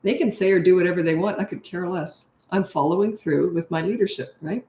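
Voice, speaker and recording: A lowish, mellow voice moving a little fast belongs to a middle-aged parenting coach answering viewers in a live Q&A. She's blunt and direct, often checking in with "okay?" or "right?", and there's a roomy echo.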